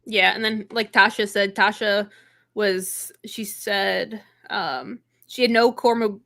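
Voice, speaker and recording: Bright-voiced woman co-host. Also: mid-range voice, steady tone, slow pace, vocal fry. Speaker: guest co-host. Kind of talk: casual reaction chat.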